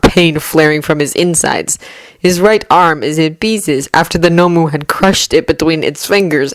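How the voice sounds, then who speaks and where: A woman narrating a fanfiction audiobook with steady, measured storytelling. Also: low voice, no echo. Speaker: fanfiction reader.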